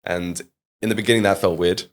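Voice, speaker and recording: Australian man, thirties, deep low voice, casual storytelling coach for a podcast chat. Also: brisk. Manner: animated storyteller, leans on "like" and "mate". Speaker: public speaking coach.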